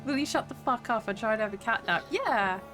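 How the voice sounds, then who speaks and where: A woman's voice: a little high, animated, a little fast, over music. A woman streaming a video game, chatting in a playful, sweary way as she plays. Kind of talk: casual gameplay commentary.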